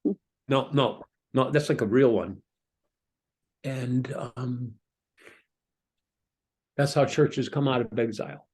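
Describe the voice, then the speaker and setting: A man's voice: medium pitch, a little mellow, slightly rough. A middle-aged man, a pastor, talking through a reflective sermon-style message with many ums and restarts. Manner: halting, with frequent ums and restarts. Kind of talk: reflective preaching talk.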